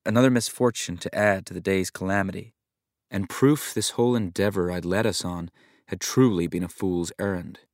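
Low-voiced man reading a story. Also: fairly even intonation, normal speed, dry recording, studio quality. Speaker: story narrator. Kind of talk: audiobook narration of a short story.

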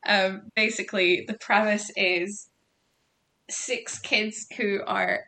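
A young woman on a podcast with a bright, forward voice. She explains things to her friends in an eager, enthusiastic way. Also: medium pitch, fairly even intonation, slow pace. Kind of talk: casual chat.

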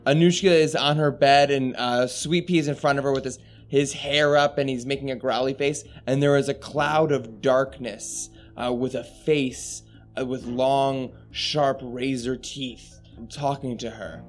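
A man running a tabletop game as games master, narrating in a casual, animated way. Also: mid-range voice, a little slow, faint music behind.

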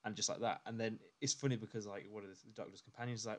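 A man co-hosting a podcast, rambling through animated stories in casual chat with many fillers. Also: on the low side, racing, few pauses. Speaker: podcast co-host.

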